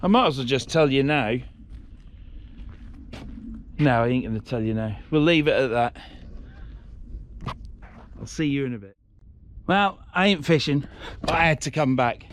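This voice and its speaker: A man's voice: mid-range voice, lively intonation, measured pace, pauses often, a little hiss or hum. A middle-aged man, filming a casual outdoor vlog by a riverside shore on a handheld camera, talking in a blunt, grumbling way and swearing freely. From England. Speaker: fishing vlogger.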